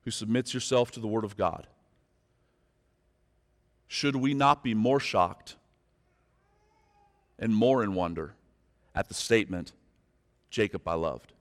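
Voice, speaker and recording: A man preaching a sermon as pastor, turning from quiet, slow reflection to loud, fervent pleading with his listeners. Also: lowish voice. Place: church sanctuary. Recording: long hall reverb.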